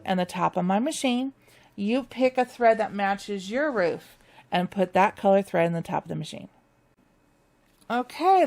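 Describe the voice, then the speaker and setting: A woman leading a machine embroidery tutorial, chatty and enthusiastic as she walks viewers through each step. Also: mid-range voice. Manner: upbeat, chatty, enthusiastic about stitching. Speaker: sewing instructor.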